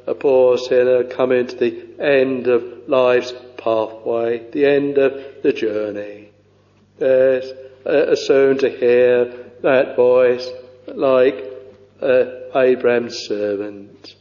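A man preaching a sermon, reading scripture in a slow, halting way with many pauses and fillers, dropping to a hushed voice on quoted verses. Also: medium pitch, little pitch movement. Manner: slow, halting delivery with frequent uh and you know. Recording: dull lo-fi recording with long hall reverb.

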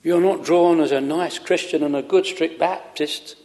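A man preaching a sermon from the pulpit, slow and earnest, stretching out words for emphasis. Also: fairly high pitch, steady tone, darkish tone, big-room sound. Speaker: pastor. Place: chapel.

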